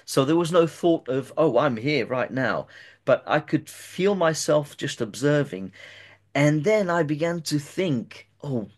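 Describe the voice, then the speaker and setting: A man's voice: a little high, expressive, a little slow. A man interviewing a guest and recounting a personal experience at length, often hesitating and repeating words as he talks.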